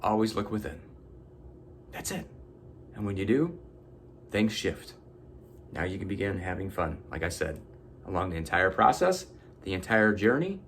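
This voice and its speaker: A man's voice: deep voice, very animated, moderate pace, pauses often, fairly bright tone, a little hiss or hum. A man giving an earnest, preachy motivational self-help talk, swearing casually. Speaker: motivational vlogger.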